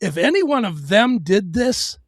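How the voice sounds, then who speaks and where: A middle-aged man with a fairly high voice tells a hard personal story with blunt, profane candor. He often stumbles into stammered restarts. The recording is close and dry, with almost no room sound. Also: big pitch swings, a little slow, no echo. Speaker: show host sharing his story.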